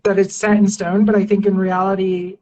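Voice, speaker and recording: A woman's voice: medium pitch, level tone, fairly quick, warm tone, a little hiss or hum, poor audio. A woman civil rights attorney as a podcast guest, talking earnestly and reassuringly with many fillers and restarts. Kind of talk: casual interview talk.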